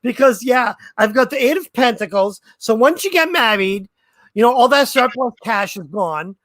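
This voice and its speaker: A woman's voice: on the high side, animated, normal speed, no echo, low-quality recording. A woman in her forties co-hosting a live online tarot reading, teasing and playful as she reads cards. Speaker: co-host tarot reader.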